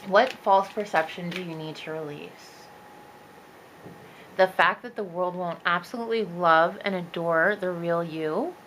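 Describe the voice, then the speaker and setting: A woman's voice: fairly low pitch, measured pace, a bit bright, a little hiss or hum, rough recording. A woman giving a chatty, upbeat tarot reading, talking straight to her viewers as a spiritual coach. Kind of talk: casual tarot reading monologue.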